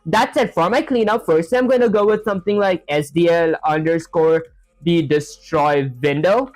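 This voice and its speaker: On a live coding stream, someone new to programming narrates each move, reads the chat aloud and keeps saying "honestly" and "that said." The mid-range, slightly mellow voice moves at normal speed, with no echo, soft background music and poor audio quality.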